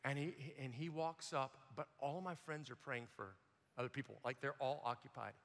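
A young man preaching a sermon, telling a personal testimony with animated storytelling, acting out voices and shouting at the high points. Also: normal speed, long reverb tail.

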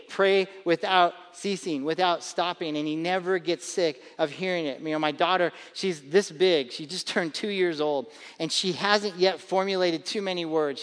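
High-voiced pastor preaching in a hall. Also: male voice, fairly bright tone. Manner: conversational, emphatic preaching with repetitions. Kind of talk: sermon.

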